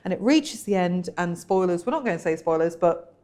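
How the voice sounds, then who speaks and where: A woman's voice: lowish voice, lively intonation, brisk, darkish tone. A young British woman co-hosting a podcast, talking in an enthusiastic, chatty way. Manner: chatty and enthusiastic, many restarts. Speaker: podcast co-host. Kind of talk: casual chat.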